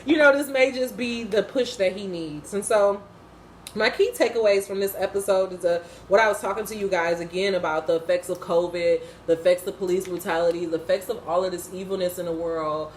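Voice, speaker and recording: A woman's voice: fairly low pitch, steady tone, brisk, a little mellow, reverberant, a little hiss or hum. A woman giving unscripted, casual commentary on a TV episode, blunt, profane and impassioned. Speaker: TV episode reviewer.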